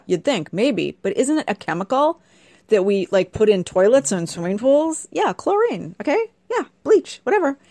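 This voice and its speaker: A woman's voice: medium pitch, darkish tone, no echo. Sarcastic woman ranting into a dry mic. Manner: sarcastic, emphatic, scolding. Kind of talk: casual comedic rant.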